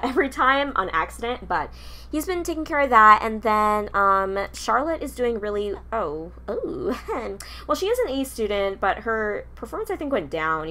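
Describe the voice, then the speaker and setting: A woman's voice: medium pitch, pushed and bright. Young woman chatting thru a sim game, bouncy voice, keeps getting fed up w her characters. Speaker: gameplay streamer. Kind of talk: casual gameplay commentary.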